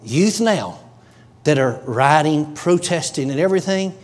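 A middle-aged man preaching with a drawl, his voice sitting notably high for a man. He talks in a homespun, emphatic way, weaving stories into his exhortations. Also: animated, unhurried. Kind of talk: folksy revival preaching.

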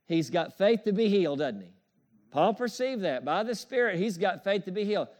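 A man delivers a sermon in a high, ringing voice. He preaches emphatically, repeats key phrases and draws amens from his listeners, now and then chuckling between points. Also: very animated, moderate pace, a little mellow. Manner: emphatic, repetitive call-and-response preaching with chuckles. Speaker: pastor.

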